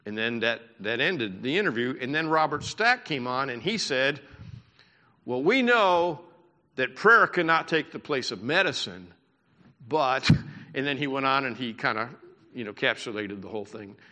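A man's voice: mid-range voice, lively intonation, normal speed, sharp tone, big-room sound. A male pastor preaching a sermon in a conversational way, with asides and laughter.

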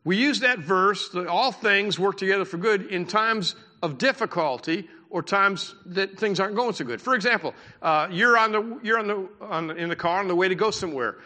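Male pastor, conversational sermon, bright forceful tone, higher-pitched, church hall reverb. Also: moderate pace, few pauses. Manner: conversational preaching with asides and laughter.

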